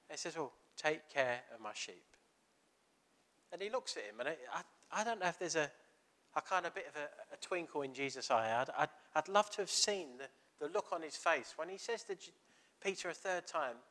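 A man's voice: on the high side, lively intonation, moderate pace, sharp tone. A man preaching a chatty, storytelling sermon, acting out quoted dialogue.

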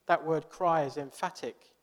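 A pastor gives an earnest, conversational sermon in church at normal speed, his slightly high voice fading into a long reverb. He frequently poses questions to his listeners.

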